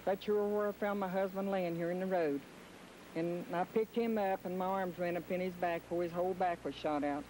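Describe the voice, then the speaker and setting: A woman's voice: lowish voice, steady tone, moderate pace, warm tone, a little hiss or hum, rough recording. An older woman with an Appalachian accent giving a blunt, plain-spoken account. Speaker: interviewee. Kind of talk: plain first-person account.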